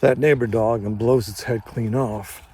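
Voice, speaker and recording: An older man telling a first-person story in a slow, measured, plainspoken and folksy way. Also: mid-range voice, steady tone, a little mellow, breathy edge.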